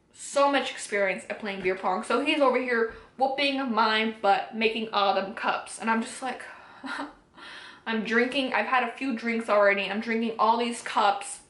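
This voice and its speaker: A woman's voice: on the high side, fairly bright tone. A young woman vlogger candidly retelling a personal story to camera, acting out the dialogue as she goes. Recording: echoey room.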